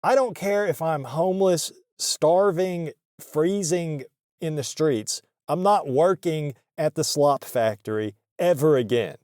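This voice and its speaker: A man's voice: medium pitch, darkish tone, no room sound, studio quality. A man telling a work story in a casual, profane and joking way, laughing between lines.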